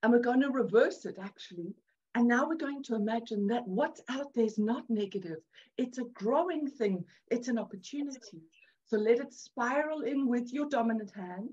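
Upbeat woman hosting a laughter class, high voice, constant giggles, dull video-call sound. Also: normal speed, a little mellow, breathy edge. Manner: bubbly, laughing often, cheering participants on. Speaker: laughter yoga leader. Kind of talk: leading an online exercise class.

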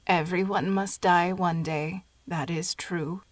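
A frail dying old grandmother, as a woman reader puts her on, hoarse and half-whispering, tender with a wry edge. The voice sits low, and it is recorded close and dry in a storybook reading. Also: a little slow, no echo. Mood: murmuring. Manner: weak, murmured, breathy and hushed.

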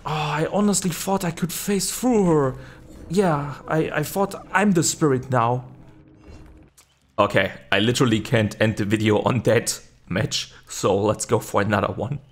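A man giving live gameplay commentary, excitable, swearing casually, jumping to high yelps when the game gets tense. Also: a little slow, slight background noise. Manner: swears casually and laughs at himself. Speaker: video game streamer.

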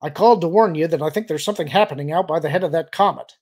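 Audiobook: a man doing a snappish male colonist, insistent, disgusted, gravelly. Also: fairly high pitch, rapid-fire, a little mellow, voice pushed up.

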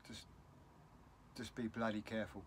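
A man's voice: on the low side, monotone, moderate pace, slight background noise. A middle-aged man with a British English accent, talking in a casual vlog, upset and rambling bluntly. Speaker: vlogger.

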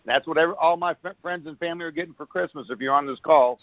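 A man's voice: fairly high pitch, very fast, dry recording. Upbeat rambling man on a muffled call. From Florida. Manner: rambling, upbeat, many restarts. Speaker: caller giving a product testimonial. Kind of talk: casual phone call testimony.

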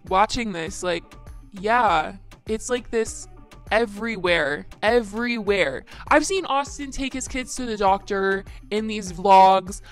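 A woman's voice: mid-range voice, lively intonation, takes it slowly, faint music behind. A young woman hosting a casual commentary show, exasperated, with lots of "like" fillers. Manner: exasperated, says "like" a lot. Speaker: commentary podcast host.

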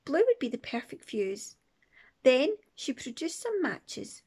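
A woman teacher reading a children's book aloud with expressive, playful asides. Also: sits high, slow, slightly rough. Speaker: primary teacher. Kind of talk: storybook read-aloud.

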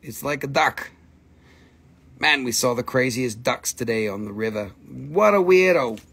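A man's voice: medium pitch, animated, a little slow, vocal fry, a bit bright, husky. A man hosting a live stream where he sells minerals, chatting casually and joking around, and talking to his dogs between items. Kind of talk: casual live sales chat.

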